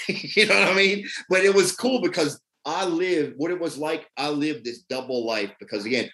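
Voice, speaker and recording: A man's voice: mid-range voice, a bit bright, rough recording. A man, a podcast guest telling his addiction recovery story in a rambling, emotional way. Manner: emotional, rambling, many "you know what I mean".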